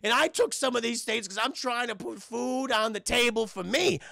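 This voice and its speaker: A man voicing a shifty male penguin street hustler who pushes his wares with fast, swearing sales patter. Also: very high voice, creaky, bright, forceful tone, no room sound, pitched above the performer's own voice, heavily acted. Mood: tearful, ranting.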